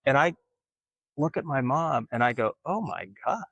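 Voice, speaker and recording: A man from Alabama, telling animated family stories as an interview guest. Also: mid-range voice, normal speed, husky, dry recording. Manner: animated storyteller, acts out quoted voices. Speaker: guest, artist. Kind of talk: casual storytelling interview.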